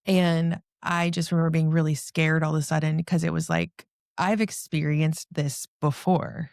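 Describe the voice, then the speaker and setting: Woman guest, gravelly voice, dry close sound; emotional personal story full of "like"s. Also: low voice, level tone, normal speed, a little mellow, no room sound. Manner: breathless, frequent "like" fillers. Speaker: podcast guest.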